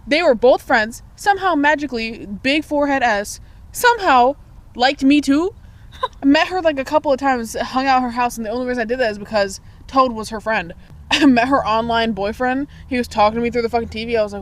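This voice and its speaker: A woman's voice: fairly high pitch, fast. A young woman co-hosting a podcast, telling blunt, profane stories in casual chat and laughing through them. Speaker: podcast co-host.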